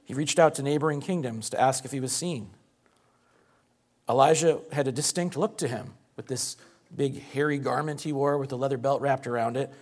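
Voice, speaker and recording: Man, pastor, sermon, conversational, explanatory, rhetorical questions, medium pitch. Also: moderate pace.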